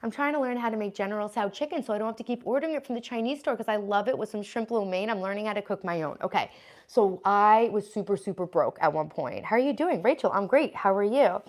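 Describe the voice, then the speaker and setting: A woman's voice: mid-range voice, fast talker. Thirties woman host, loose talky livestream delivery, lots of ums. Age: 30s. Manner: chatty, scattered, frequent "um" and "like" while listing groceries. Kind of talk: casual livestream chat, reading viewer comments.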